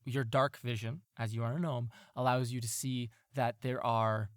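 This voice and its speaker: A man's voice: medium pitch, flat delivery, normal speed, dry recording, clean studio sound. A man narrating as game master of a tabletop game, describing scenes and laughing often.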